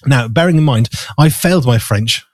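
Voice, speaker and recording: A man telling stories in a relaxed, playful, self-mocking chat. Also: medium pitch, moderate pace, no echo, clean studio sound. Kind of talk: casual chat.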